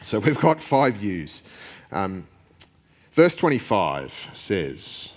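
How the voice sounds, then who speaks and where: A man's voice: lowish voice, sing-song, extremely slow. A male pastor preaching a sermon in a casual, joking way, often chuckling.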